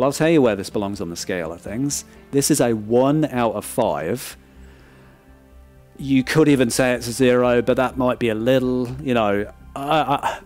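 A man's voice: mid-range voice, a little mellow. A man giving a frank, casual review of a film disc, often checking in with "right?" and restarting his words.

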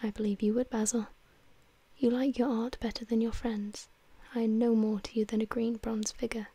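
A woman's voice: a little high, level tone, normal speed, mellow, husky, no echo. A woman whispering the part of an anguished, vain young man in a whispered role-play reading.

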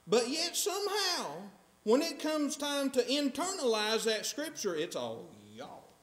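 A man's voice: very high voice, big pitch swings, measured pace, fairly bright tone. A man preaching a sermon in a church, emphatic and often asking the congregation questions. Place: church sanctuary. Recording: echoey church sanctuary.

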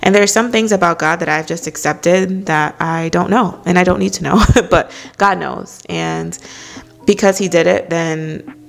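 A woman leads a relaxed Bible study in a low, gravelly voice, chatting through it with lots of "you know". Soft music plays faintly behind her. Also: normal speed. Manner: conversational, many "you know" fillers, light laughs. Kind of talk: casual Bible study talk.

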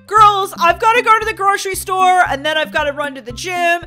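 A woman voicing a busy, cheerful father of two girls in a game role-play, brisk and matter-of-fact. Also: extremely high pitch, steady tone, pushed and bright, faint music behind.

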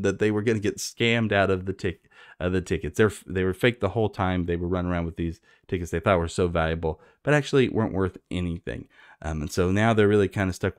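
Sarcastic low-voiced movie reviewer. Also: male voice, fairly quick, no echo, clean studio sound. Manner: sarcastic, rambling, jumps into silly voices. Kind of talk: comedic movie recap.

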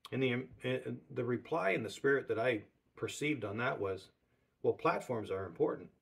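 A man preaching a sermon in a relaxed, conversational way, repeating words for emphasis. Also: medium pitch, normal speed, gravelly, breathy edge.

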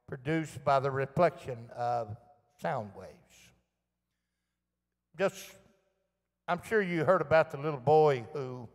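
A man preaching a sermon, telling stories and acting out shouted echoes and quoted voices. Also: a little high. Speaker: pastor. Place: church sanctuary. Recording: long reverb of a church hall.

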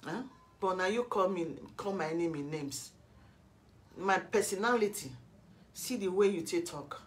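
A woman's voice: lowish voice, a little slow. Confrontational Nigerian woman, lecturing a rival. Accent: Nigerian Pidgin English. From Edo State, Nigeria. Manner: confrontational, lecturing, many rhetorical questions. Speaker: vlogger. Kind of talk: scolding monologue to a rival.

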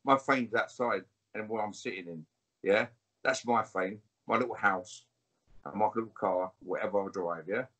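British man, husky, combative interview guest on a video call, taunting. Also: on the low side, normal speed, fairly bright tone. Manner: taunting, repetitive, calls listener mate. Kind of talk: combative interview trash talk.

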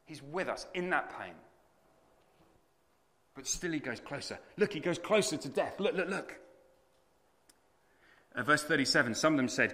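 A man's voice: mid-range voice, animated, normal speed, pauses often, bright, forceful tone, long reverb tail. A man preaching a sermon at a conference, telling the story dramatically and with animation. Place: conference hall.

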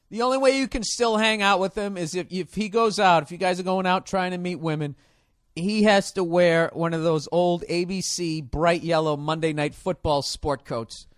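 A man hosting a podcast, telling a comic story in a profane, animated way. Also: high voice, no room sound, clean studio sound. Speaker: podcast host. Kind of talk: comedic podcast rant.

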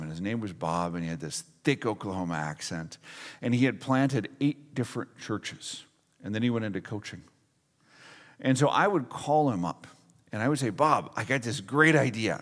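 Man preaching in a reverberant church. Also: lowish voice. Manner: conversational, storytelling, emphatic. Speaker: pastor. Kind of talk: sermon. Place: church sanctuary.

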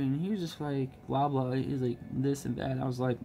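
A man chatting casually about his work as a restaurant manager, rambling with many ums and restarts and getting animated when he quotes people. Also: mid-range voice, moderate pace, a little hiss or hum. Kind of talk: casual storytelling while crafting.

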